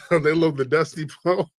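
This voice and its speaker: A man's voice: fairly high pitch, no echo, clean studio sound. A man hosting a casual call-in show, slangy and teasing, who laughs often. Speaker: talk show host.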